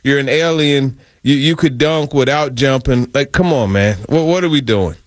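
A man co-hosting a sports radio show, talking basketball in an animated, emphatic way and often repeating his words. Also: mid-range voice, moderate pace, dry recording. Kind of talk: casual sports talk.

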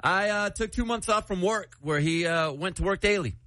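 A man's voice: high voice, normal speed, fairly bright tone, dry recording, rough recording. A man hosting a morning radio show, chatting casually and reading a listener's letter aloud, laughing at himself.

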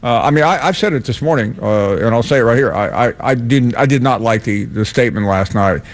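A male sports talk radio host who speaks in a halting way, restarting and repeating words. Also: medium pitch, animated.

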